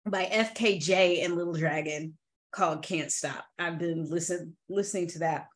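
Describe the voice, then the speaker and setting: A woman's voice: lowish voice, normal speed. A woman co-hosting a podcast in casual chat, candid and blunt, swearing freely. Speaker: podcast co-host.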